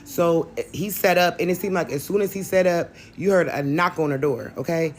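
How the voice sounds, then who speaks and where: A woman's voice: lowish voice, normal speed, slight background noise. A woman telling a storytime vlog in a chatty, emphatic way, talking straight to her viewers. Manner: chatty, emphatic, addresses the audience directly. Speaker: vlogger.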